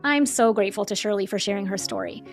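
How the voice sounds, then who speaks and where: A woman hosting a podcast, delivering a calm, earnest scripted monologue in a measured way. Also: medium pitch, faint music behind. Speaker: podcast host.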